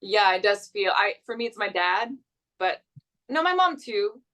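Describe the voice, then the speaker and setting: A woman's voice: mid-range voice, big pitch swings, moderate pace, pushed and bright. A young adult woman from Canada, a guest actress chatting casually in an interview, full of restarts and fillers.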